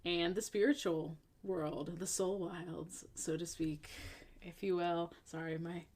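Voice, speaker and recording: Low-voiced chatty woman podcast host. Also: fairly even intonation, takes it slowly, a little mellow. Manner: chatty, explains with many fillers and tag questions. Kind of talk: casual chat. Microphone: earphones in.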